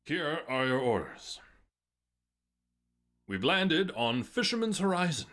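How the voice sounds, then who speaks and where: A man's voice: on the high side, big pitch swings, slow pace, a bit bright, pitched above the performer's own voice, full character voice. A man voicing an older male academy headmaster, speaking in a vaguely New England, Churchill-like oratorical manner. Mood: earnest, commanding.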